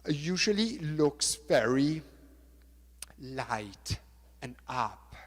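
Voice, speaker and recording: A middle-aged man with an Italian accent, a choreographer lecturing on dance technique, halting and repeating words, counting beats aloud. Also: on the high side, very animated. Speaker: choreographer giving a talk. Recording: reverberant lecture hall.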